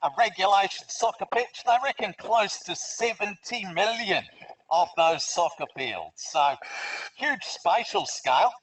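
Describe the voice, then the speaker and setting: A man's voice: high voice, expressive, measured pace, fairly bright tone, slightly rough. Australian man talking through a dive mask. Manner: cheerful, chatty explainer. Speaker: aquarium dive presenter. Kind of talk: live educational webinar. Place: underwater in a large aquarium tank. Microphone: full face mask microphone. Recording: distant, muffled underwater mask mic.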